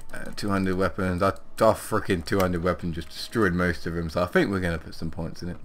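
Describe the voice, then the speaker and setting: A low-pitched gaming host plays a video game and comments casually, swearing and laughing often. He swings between loud outbursts and quiet mutters.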